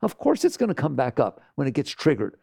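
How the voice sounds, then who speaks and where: Male meditation teacher, dark and gravelly, dry close sound, casual talk that keeps checking in with the room. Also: a little high, wildly swooping pitch, a little fast, no room sound. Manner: conversational, often checks in with listeners. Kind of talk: spiritual talk to a live audience.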